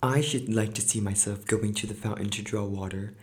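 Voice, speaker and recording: A proud, ill-bred girl from a fairy tale, haughty and sneering, as a man reading the story puts her on. Her voice stays low, close to the reader's own. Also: fairly even intonation, a little fast, natural voice.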